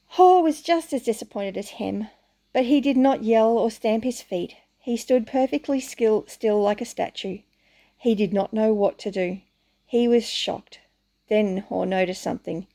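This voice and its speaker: A woman reading a picture book aloud to young children, lively and questioning as she goes. Her voice sits fairly high but sounds mellow, with a gravelly texture. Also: unhurried. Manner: animated, asks the listener questions. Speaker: storyteller.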